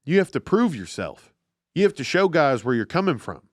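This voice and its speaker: Man doing a gushing emotional quarterback, mocking impression, lively pitch, dry sound. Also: normal speed, no echo. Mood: gushing earnest. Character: earnest emotional male quarterback at a press conference.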